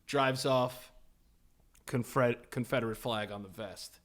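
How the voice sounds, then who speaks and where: A man's voice: medium pitch, measured pace. A man co-hosting a podcast, telling a story in casual chat with a lot of swearing, acting out the people in it. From Florida. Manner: animated, profane, acts out the people in his story. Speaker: podcast co-host.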